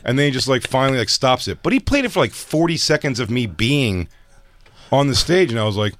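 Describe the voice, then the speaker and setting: A man's voice: mid-range voice, sing-song, a little fast, fairly bright tone, no room sound. A man hosting a casual chat, telling profane, rambling stories and restarting his sentences. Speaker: podcast host.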